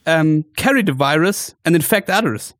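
A man's voice: a little high, expressive, moderate pace, fairly bright tone, no echo, studio quality. A man co-hosting a podcast in casual chat over a phone call, talking at length. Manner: talkative, explains at length with "um" fillers. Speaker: podcast host.

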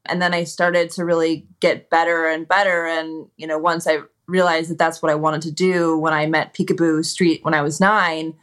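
Woman guest from minnesota, lowish voice, chatty, lots of "you know"s. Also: normal speed, few pauses, clean tone. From Minnesota, USA. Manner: relaxed storytelling with many "you know" fillers and quoted asides. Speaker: guest, retired ski racer. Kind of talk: casual interview chat.

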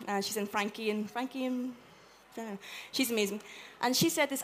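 A woman with an Irish accent giving a chatty, animated talk to a live audience, acting out little quotes as she goes. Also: fairly high pitch, a little fast, few pauses, slight background noise. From Ireland. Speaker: conference speaker. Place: event room with an audience.

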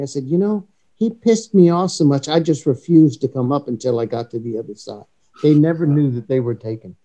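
A man's voice: fairly high pitch, moderate pace. Rambling, swearing middle-aged male storyteller. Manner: animated, rambling, profane anecdote-teller. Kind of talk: casual storytelling chat.

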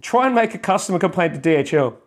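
A man's voice: high voice, expressive, quick pace, over a noisy crowd. Podcast co-host, male, fired-up profane ranter with a slightly raised voice. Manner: profane, heated, mocking. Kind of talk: sweary comic rant.

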